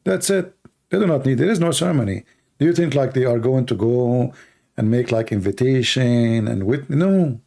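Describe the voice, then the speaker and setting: A Christian apologist from the Middle East, whose first language is Arabic, hosts a casual live Q&A stream and answers questions bluntly, with sarcasm and rhetorical questions. His voice is hoarse, gravelly and tired, mid-range and dark, at a normal speed.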